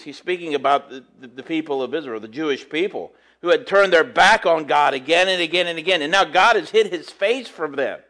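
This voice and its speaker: A man's voice: fairly high pitch, a little fast, few pauses, bright, forceful tone. A man preaching a conversational sermon, reading scripture and then explaining it earnestly in plain talk, often restarting and repeating words as he thinks aloud.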